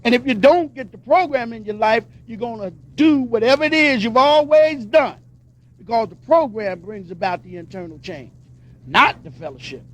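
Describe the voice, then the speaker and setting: A man's voice: very high-pitched, expressive, moderate pace. A man from Pennsylvania giving a personal testimony speech at a recovery convention, telling his story emphatically and acting out the dialogue. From Pennsylvania, USA.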